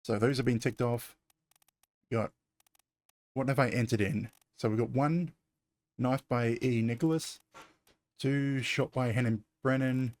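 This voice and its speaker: A man's voice: mid-range voice, steady tone, unhurried, long pauses, a little mellow, no room sound. A man playing a video game and thinking aloud in casual commentary, often correcting himself. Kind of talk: let's-play commentary.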